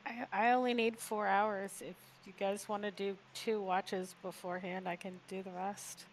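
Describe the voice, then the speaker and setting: A woman's voice: medium pitch, little pitch movement, moderate pace, slight background noise, poor audio. A woman playing a tabletop game, chatty and prone to stumbling over her words. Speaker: player. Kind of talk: tabletop role-play chat.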